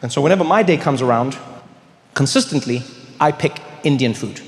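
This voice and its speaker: A man from South Africa doing a stand-up routine, telling a story in an animated way and building up to excited shouts. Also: medium pitch, a little fast, vocal fry. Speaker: stand-up comedian. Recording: echoey hall with long reverb.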